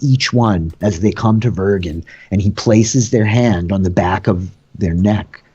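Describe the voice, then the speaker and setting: A man narrating a tabletop game as game master, in a casual, rambling way with a slightly husky voice. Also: lowish voice, warm tone, lo-fi sound.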